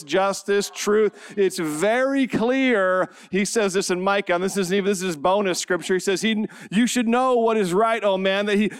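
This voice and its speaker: A man's voice: sits high, smooth, no echo, studio quality. A man in his forties, a pastor, opening his sermon with a funny personal story before reading scripture and praying. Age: 40s. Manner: humorous, self-deprecating storytelling, laughing often.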